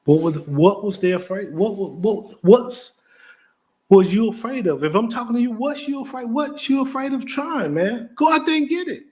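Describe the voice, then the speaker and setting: A man delivers a motivational talk as host, addressing the listener directly in a casual, plain-spoken way. His voice sits a little high, and he stumbles and repeats words as his excitement builds. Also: normal speed. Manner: energetic, repeats himself and stammers when excited.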